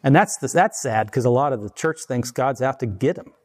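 A man's voice: mid-range voice, lively intonation. Chatty preaching man in his forties. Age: 40s. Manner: conversational, chuckling, slows down to read scripture. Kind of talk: casual sermon.

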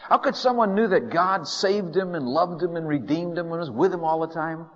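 The recording is dull and lo-fi, with a long reverb from the church hall where a man gives a chatty sermon to the congregation. He often chuckles and voices complaints in the first person, speaking at a normal speed in a slightly high voice.

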